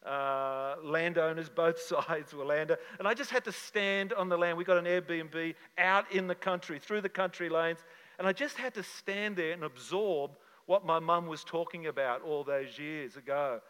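An older man from Australia, a pastor telling a personal story to his congregation in an animated, conversational way with many restarts. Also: on the high side, moderate pace, clean tone, big-room sound, rough recording. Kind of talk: sermon with slide show.

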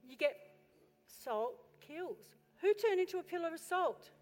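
A woman pastor preaching a sermon with passion, building to loud exhortation and turning to the congregation with chatty questions and asides. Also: extremely high pitch, lively intonation, measured pace. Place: church. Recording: echoey hall with faint music.

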